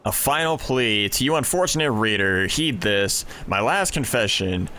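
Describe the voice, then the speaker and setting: A man reading out a remorseful male community leader's last confession in a slow, solemn put-on Old English accent. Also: lowish voice, expressive, pushed and bright. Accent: attempted Old English.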